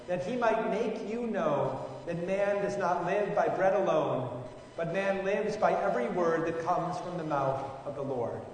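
This Bible study leader, a man with a fairly high voice, teaches scripture conversationally and informally, musing with frequent fillers, pauses, and restarted sentences. He sounds distant from the mic in a long, echoing hall with faint background noise.

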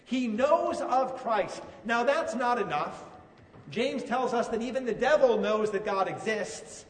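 A man preaching a sermon, earnest and speaking directly to his listeners with questions. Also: high-pitched. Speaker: pastor. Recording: echoey hall from far off.

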